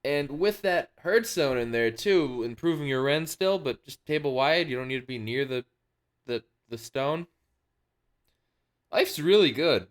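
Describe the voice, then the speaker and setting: Playful, smooth-voiced man hosting a hobby show. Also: medium pitch, expressive, measured pace. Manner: playful, jokey, showman-like announcer bits. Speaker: wargaming channel host. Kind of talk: casual hobby commentary.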